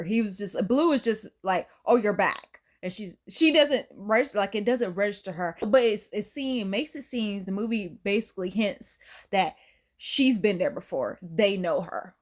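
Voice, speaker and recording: A young woman casually recapping a movie, telling it with animated, incredulous slang. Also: mid-range voice, a little slow. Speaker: movie reviewer.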